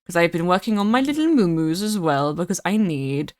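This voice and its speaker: Smooth-voiced woman streamer chatting casually. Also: on the low side, big pitch swings, brisk, few pauses, a little mellow, no room sound. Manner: chatty and rambling, greeting viewers by name. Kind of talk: casual livestream gameplay chat.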